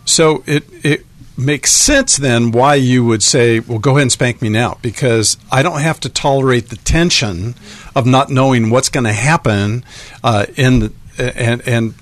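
A man's voice: mid-range voice, unhurried. A man co-hosting a call-in radio advice show, thoughtfully explaining a caller's feelings. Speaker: radio co-host, counselor.

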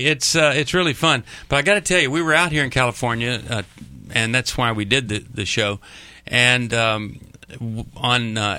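A man's voice: mid-range voice, sharp tone, clean tone, no room sound. A man hosting a radio talk show from a studio, chatting and telling stories with lots of fillers. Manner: chatty, storytelling with many fillers. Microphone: studio microphone.

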